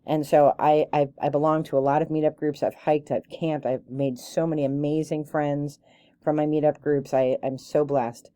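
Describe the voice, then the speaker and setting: A woman's voice: low voice, moderate pace, no room sound, studio quality. A woman in her forties, a hiking group leader, telling a personal story in a casual, chatty way, full of fillers and restarts. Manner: animated and indignant when retelling confrontations.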